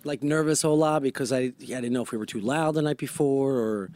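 A man's voice: mid-range voice, brisk, dry recording. A man telling crude travel stories in casual comedy banter, swearing and laughing often. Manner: animated storyteller, swears a lot, laughs often.

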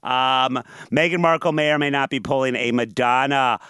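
A man's voice: mid-range voice, normal speed, smooth, no room sound, studio quality. A man from Chicago hosting a casual panel chat, joking crudely and riffing on the news. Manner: jokey, crude, animated. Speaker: host.

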